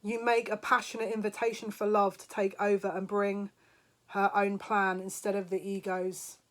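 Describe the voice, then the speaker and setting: Speaking at normal speed in a mid-range, level voice, a woman delivers a spiritual psychic card reading straight to camera for her viewers. Her manner is emotional, with laughter and occasional tears.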